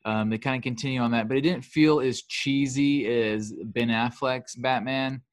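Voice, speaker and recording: A man co-hosting a podcast in casual chat, excitable and swearing freely. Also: medium pitch, moderate pace. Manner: excitable, swears freely, breaks into mocking impressions. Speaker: podcast co-host.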